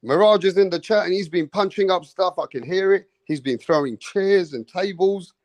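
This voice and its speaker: A man's voice: high-pitched, moderate pace, dry recording. A man hosting a live boxing talk stream, blunt and swearing, teasing a chat member.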